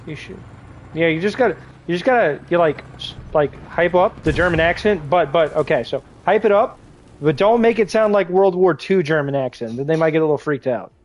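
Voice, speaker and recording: A man's voice: a little high, animated, brisk, slight background noise, rough recording. A man chatting casually to his live audience while playing, rambling and joking between moments of gameplay. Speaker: gaming livestreamer.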